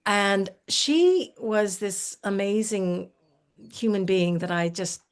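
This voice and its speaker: An older woman, an herbalist guest, telling stories in a relaxed, folksy way, often restarting her sentences. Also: mid-range voice, slow. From United States. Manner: warm folksy storytelling with frequent restarts and laughs. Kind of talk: relaxed conversational storytelling.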